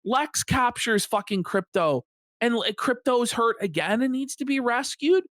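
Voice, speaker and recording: A man's voice: very high voice, animated, a little slow, fairly bright tone, no room sound, studio quality. A man co-hosting a stream, dismissive and crude in his commentary. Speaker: co-host.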